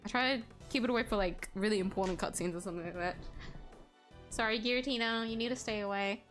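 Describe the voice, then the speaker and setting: A woman's voice: mid-range voice, quick pace, fairly bright tone, faint music behind. A young Australian woman chatting casually and giggling while she live-streams a game. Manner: chatty, giggly, many fillers.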